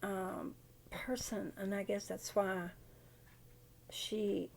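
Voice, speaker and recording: An older widowed grandmother telling a personal story in a halting, rambling way in a casual vlog. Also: mid-range voice, gravelly, darkish tone, slight background noise.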